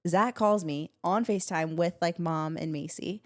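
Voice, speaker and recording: A woman in her twenties, a podcast co-host, chatting casually and telling a story with lively quoted voices. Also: on the low side, normal speed, no room sound, studio quality. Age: 20s. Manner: animated storytelling, acts out quotes. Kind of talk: casual chat.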